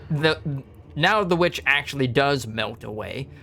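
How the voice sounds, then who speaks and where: A man running a tabletop game as dungeon master, narrating haltingly with many fillers and frequent laughs. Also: mid-range voice, lively intonation, gravelly, pushed and bright, a little hiss or hum.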